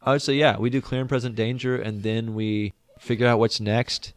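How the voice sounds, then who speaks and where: A man's voice: mid-range voice, fairly even intonation, brisk, clear, resonant tone, dry recording. A man co-hosting a casual film review podcast, talking in a thoughtful, hedging way and restarting his words. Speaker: podcast co-host.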